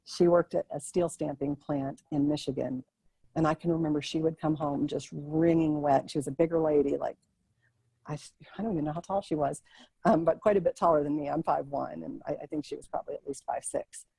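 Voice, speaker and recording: Low, husky woman, interview guest, expressive storyteller who restarts mid-sentence. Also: brisk, no echo, low-quality recording. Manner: vivid, expressive, animated retelling with many restarts. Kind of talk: emotional personal storytelling.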